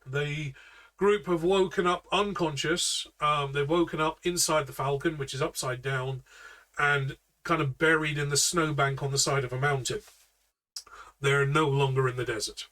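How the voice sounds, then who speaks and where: A man's voice: a little high, steady tone, normal speed, sharp tone, recorded from a distance, rough recording. A man running a tabletop game from his bedroom, narrating and joking playfully. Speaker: game master. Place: bedroom at home.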